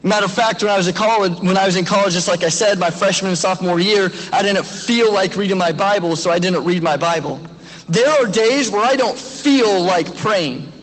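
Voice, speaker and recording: Pastor, man in his 30s, high tenor, earnest exhorting sermon, long hall echo. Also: brisk, fairly bright tone. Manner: earnest, exhorting, asks direct questions. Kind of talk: graduation sermon and prayer.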